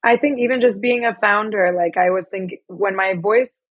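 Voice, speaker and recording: A woman founder as a podcast guest, her voice slightly scratchy after losing it, talking in a relaxed, conversational way. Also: medium pitch, normal speed, no room sound, muffled recording. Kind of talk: casual interview chat.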